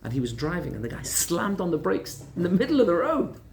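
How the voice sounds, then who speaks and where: A male rabbi telling a story in a lunchtime Torah class, animated and conversational. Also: sits high, brisk, vocal fry, slight background noise. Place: lecture room in Gibraltar.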